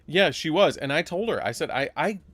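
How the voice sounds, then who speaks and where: A man's voice: fairly high pitch, animated, brisk, fairly bright tone, no echo. A man hosting a live game stream, telling a story casually and acting out both sides of the argument. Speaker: livestream host.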